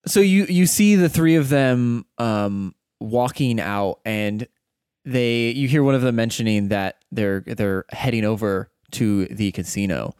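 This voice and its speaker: A man's voice: mid-range voice, measured pace, darkish tone, clean tone, no room sound, studio quality. A man running a tabletop game as game master, narrating casually with lots of laughter, filler words and swearing.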